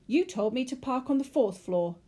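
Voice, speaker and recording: A woman voicing a panicky short bald man who shouts and hisses as he rushes to flee, raised well above her own tone, soft and slightly husky. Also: mid-range voice, sing-song. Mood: panicked shouting. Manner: shouting, frantic.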